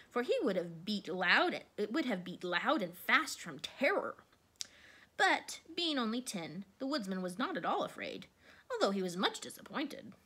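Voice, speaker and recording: A woman reading a children's storybook aloud with expressive delivery. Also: breathy edge. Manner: expressive, varies pitch. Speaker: narrator.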